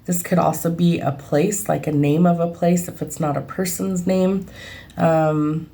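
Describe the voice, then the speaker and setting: A young adult woman working as a medium, giving an unscripted reading and thinking aloud with frequent pauses and ums. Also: lowish voice, steady tone, gravelly, mellow.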